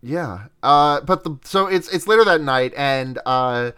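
A man's voice: medium pitch, animated, pushed and bright, clear, resonant tone. A young man co-hosting a casual podcast, rambling and swearing as he recaps a movie and laughs often. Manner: rambling, profane, quick to laugh. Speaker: podcast co-host.

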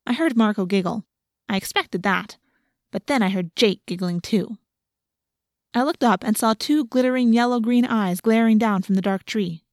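A woman narrating a story in the first person with expressive, lively storytelling, recorded on a close studio mic. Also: on the high side, normal speed, no room sound. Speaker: audiobook narrator.

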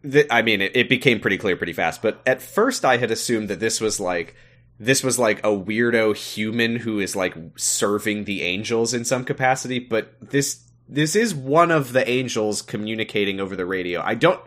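Low-voiced man, wry casual chat. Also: normal speed. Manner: relaxed, wry, quotes scenes in flat voices. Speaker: podcast co-host. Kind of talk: casual chat recapping a TV episode.

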